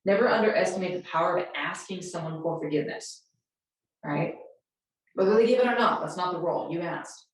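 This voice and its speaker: Woman workshop presenter, lowish voice, direct, role-plays student talks; distant, echoey room sound. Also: a little fast. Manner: acts out sample dialogues with students, direct. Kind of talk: teaching workshop for educators.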